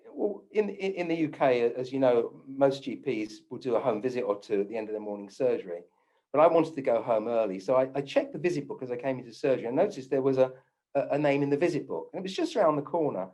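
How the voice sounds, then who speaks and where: A man's voice: mid-range voice, a little mellow. A man giving a talk, telling a personal story and acting out the voices he quotes, with frequent ums and restarts.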